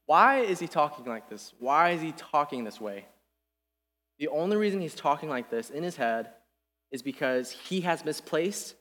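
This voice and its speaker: Young guy preaching, casual and earnest, mid-pitched voice, long hall echo. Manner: earnest, casual and animated, with restarts. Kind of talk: sermon.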